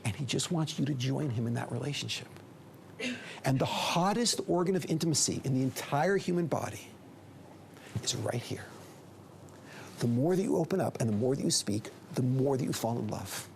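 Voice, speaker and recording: A middle-aged rabbi from the United States giving a storytelling lecture, acting out dialogue and at times dropping to a whisper. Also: male voice, mid-range voice, gravelly, a little hiss or hum. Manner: lively storyteller who acts out dialogue and drops to a whisper.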